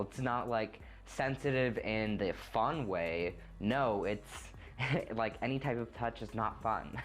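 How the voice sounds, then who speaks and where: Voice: medium pitch, slow, faint music behind. A person talking casually and informally to the camera, using fillers along the way.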